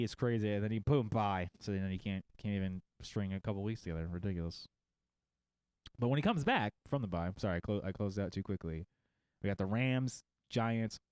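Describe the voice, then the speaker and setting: A man's voice: fairly low pitch, darkish tone, clean tone, dry recording. A man hosting a fantasy football show in a casual livestream style, rambling through lists of results with jokey, self-mocking asides.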